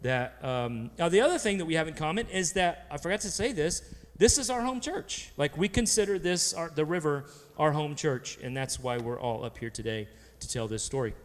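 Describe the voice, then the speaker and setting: Moderating a church panel, an animated man with a fairly high pitch tells casual stories on stage at a moderate pace. He rambles and jokes, repeatedly restarting, and long reverb fills the sanctuary.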